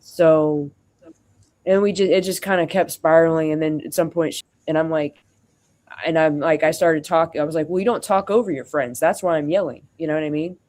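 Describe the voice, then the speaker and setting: Speaking fairly quickly in a medium-pitched, darkish voice with fairly even intonation, a streamer rambles through a venting story. They act out the quoted dialogue from both sides and lean heavily on fillers.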